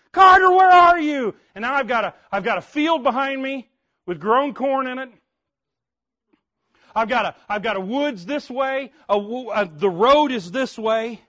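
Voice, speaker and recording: A middle-aged man preaching, telling a story in an animated way with sudden shouts and frequent restarts. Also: sits high. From Indiana. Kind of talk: sermon storytelling.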